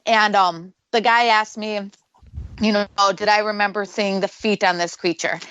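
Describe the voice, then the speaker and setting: A woman's voice: mid-range voice, fairly even intonation, normal speed, fairly bright tone, clean tone, dull audio. A woman, a paranormal investigator, tells a story on a radio show and acts out the voices she quotes.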